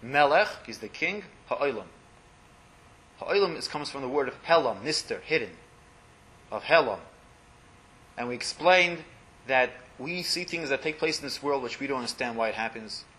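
A man's voice: medium pitch, animated, normal speed, long pauses. A man teaching a religious class to a small group, translating blessings phrase by phrase and often letting his voice drop to a murmur. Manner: explanatory, translating Hebrew phrases line by line, often trails off quietly.

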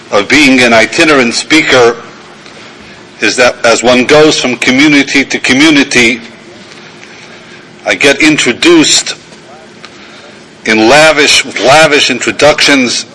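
A man's voice: medium pitch, unhurried, pauses often, sharp tone, rough recording. An older man, a rabbi, giving a talk and telling a story in a self-deprecating, storytelling manner, acting out the characters. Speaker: rabbi and guest lecturer. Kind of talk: sermon-style talk with anecdote.

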